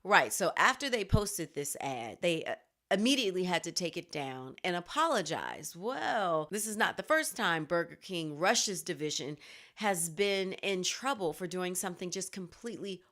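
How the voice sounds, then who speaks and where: A woman hosts a weekly news commentary show and addresses viewers directly. Her voice sits somewhat low. Her delivery is animated and indignant. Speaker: show host.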